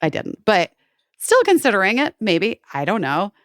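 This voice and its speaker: A podcast co-host in her forties chats casually and with great animation, swearing often and slipping into quoted voices. Her voice is medium in pitch and moves at a normal speed, captured with studio quality and no room sound.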